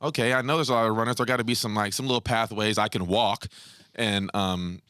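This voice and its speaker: A man's voice: lowish voice, a little fast, clean tone, dry recording, studio quality. A man with an American accent, a guest on a podcast, chatting casually with lots of fillers and easy laughs. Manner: relaxed, laughs easily, filler-heavy. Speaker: basketball player guest. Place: podcast studio.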